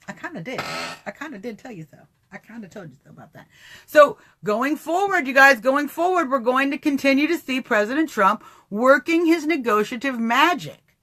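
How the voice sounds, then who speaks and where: A woman giving an animated political commentary on a livestream, mocking opponents, acting out voices and laughing at her own jokes. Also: high voice.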